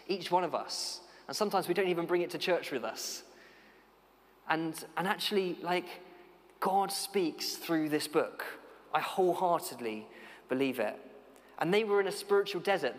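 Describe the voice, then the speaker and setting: A man preaching a sermon in an earnest, conversational way, asking many rhetorical questions of his listeners. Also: on the high side. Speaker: preacher and youth worker. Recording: long church-hall reverb.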